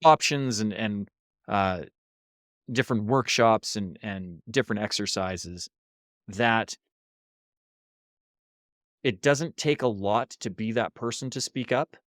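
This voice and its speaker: This podcast guest has a lowish voice and talks slowly, with long pauses, as he tells a lively story about leadership workshops and performs the voices of the people in it. It's a casual interview set in a hostel room, recorded at studio quality without echo.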